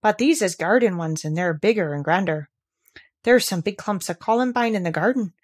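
A woman's voice: medium pitch, expressive, normal speed, breathy edge. A woman reading aloud and voicing a friendly country boy from the moors who talks in an easy, homely way. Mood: easygoing.

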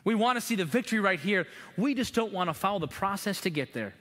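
A middle-aged man preaches from the pulpit in an animated way, often slipping into acted-out prayers to God. His voice sits high and bright. The sound carries a long church reverb. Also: fairly quick. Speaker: pastor. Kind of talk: sermon. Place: church sanctuary.

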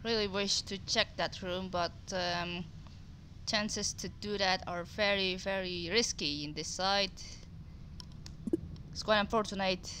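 A woman's voice: medium pitch, steady tone, slow, sharp tone, a little hiss or hum, rough recording. A woman giving thinking-aloud commentary on her game run, nervous and hesitant, muttering her plans to herself. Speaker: gameplay commentator.

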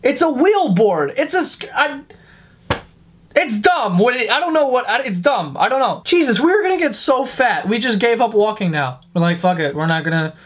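A young man doing a comedic vlog rant, sarcastic and profane, sounding fed up as he talks to camera. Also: high voice. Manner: profane, sarcastic, exasperated ranting. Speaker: comedy vlogger.

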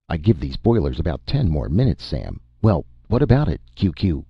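A man voicing a nervous, eager male schemer, his gravelly voice raised, jumpy and pleading. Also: low-pitched, sing-song, moderate pace, no echo, lo-fi sound, heavily acted. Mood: urgent.

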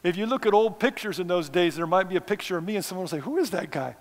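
Self-mocking preacher in a reverberant hall. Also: male voice, high voice, animated, fast talker. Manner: conversational, self-deprecating, sarcastic asides. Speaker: missionary preacher. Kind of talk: sermon. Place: church sanctuary.

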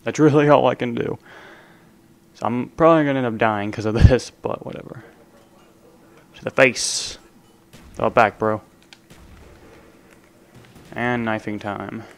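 A man's voice: medium pitch, fairly even intonation, normal speed, creaky, long pauses. Joking young man narrating live gameplay. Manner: casual, joking banter at other players. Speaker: gaming channel host. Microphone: desk microphone, leaning in to be heard.

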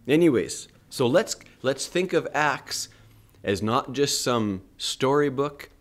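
A man giving a devotional talk and Bible reading, earnest and hoarse with his morning voice. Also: medium pitch, animated. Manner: slow, earnest preaching with a prayer. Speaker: family ministry host.

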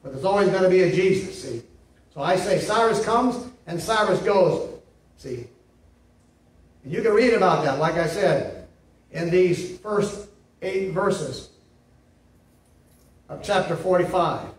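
A man's voice: high voice, expressive, measured pace, long pauses. A male pastor preaching a sermon in an emphatic, repetitive way, often checking in with "see?". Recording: echoey room, mic at a distance.

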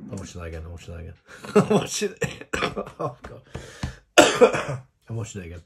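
A man hosting a music video reaction, talking in a rambling, effusive way with sudden excited exclamations. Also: low-pitched, moderate pace, creaky, background noise. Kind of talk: casual reaction commentary.

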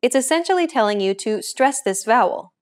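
A woman hosting a scripted language lesson, explaining grammar points in a clear, explanatory teaching delivery. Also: on the high side, lively intonation, fairly quick.

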